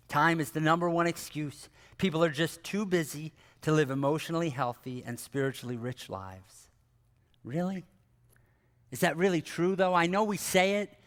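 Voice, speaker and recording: A man's voice: on the high side, normal speed. A middle-aged man giving a devotional talk as a pastor, earnest and conversational, often dropping to a near whisper. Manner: soft-spoken, dropping to near whisper for scripture; earnest, conversational, rises when animated. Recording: long hall reverb.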